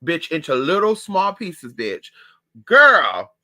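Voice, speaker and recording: A man talking in a sassy, profane, animated way in a casual gossip monologue at home. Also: on the high side, moderate pace. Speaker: vlogger.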